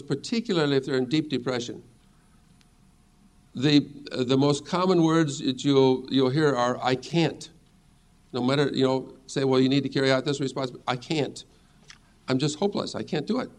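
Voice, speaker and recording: A man's voice: mid-range voice, darkish tone. A middle-aged man teaching a sermon as a pastor, earnest and reassuring as he reads scripture aloud.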